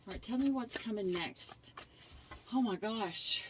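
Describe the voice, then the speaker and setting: A woman's voice: mid-range voice, measured pace, noisy background. A middle-aged woman giving a tarot reading, explaining the cards earnestly in a rambling, casual way with frequent restarts. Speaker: tarot reader.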